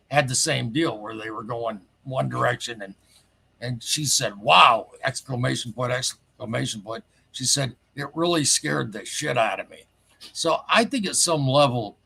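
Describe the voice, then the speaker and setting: A man calling in to a show, telling a strange story in a rambling, excitable way and swearing casually. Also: medium pitch, creaky, slightly rough. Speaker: caller sharing a paranormal story.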